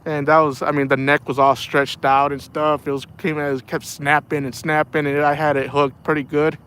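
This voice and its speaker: A man's voice: fairly high pitch, flat delivery, moderate pace, a bit bright, clean tone. A man chatting casually on a fishing livestream from outdoors by the water, rambling in a laid-back way and often saying "man". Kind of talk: casual live chat while fishing.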